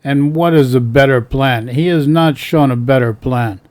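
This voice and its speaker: A man's voice: medium pitch, normal speed, a little mellow. A man ranting bluntly about politics in an exasperated tone. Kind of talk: casual political rant.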